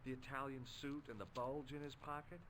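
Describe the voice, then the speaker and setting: A man's voice: mid-range voice, little pitch movement, fairly quick, over a noisy crowd, natural voice. An actor playing a polite, earnest young American man investigating a case in a video game. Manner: polite, earnest, plain-spoken. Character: polite young American male tourist detective.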